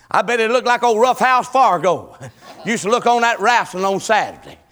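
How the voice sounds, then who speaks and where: A middle-aged man preaching a sermon, swinging between shouted peaks and low, quiet passages. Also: very animated, a little slow. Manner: shouting, rising and falling Southern preaching cadence.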